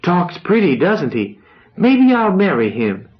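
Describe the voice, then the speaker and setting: A man's voice: high voice, wildly swooping pitch, slow pace, lo-fi sound, voice pushed up, exaggerated voice. A man reading a novel aloud, voicing a teasing young woman who heckles in a stage whisper. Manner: mocking, heckling.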